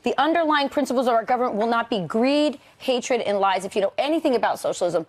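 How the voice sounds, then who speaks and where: A woman's voice: on the high side, expressive, quick pace. A woman co-hosting a morning news show, upbeat and chatty in casual banter.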